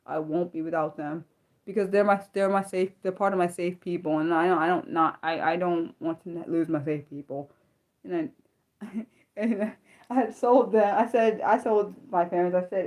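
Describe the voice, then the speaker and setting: Young woman, livestream host, slightly low voice, rambling and earnest, stumbles and restarts often. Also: fairly even intonation, moderate pace, darkish tone. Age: young adult. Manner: reacts to viewer comments as she reads them. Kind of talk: unscripted livestream chat.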